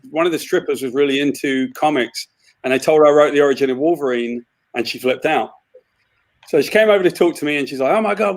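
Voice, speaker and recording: A British man, a comic book writer, chatting casually on a video call and telling animated anecdotes with a chuckle. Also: medium pitch, dry recording.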